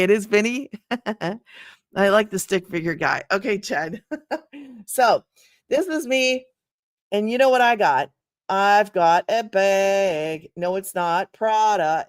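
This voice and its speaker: An older woman hosting a casual live stream. She pitches an online business to viewers, thanks them by name and repeats herself often. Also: expressive, a little slow, pauses often, fairly bright tone, no echo, clean studio sound. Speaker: livestream host selling an online business program. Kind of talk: casual livestream sales talk.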